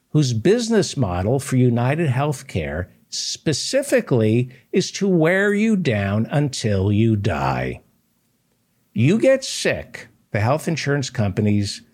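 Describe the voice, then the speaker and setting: A man delivering a political commentary monologue. His delivery is sarcastic and impassioned, rising to fiery peaks. His husky voice swings widely in pitch. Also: a little mellow.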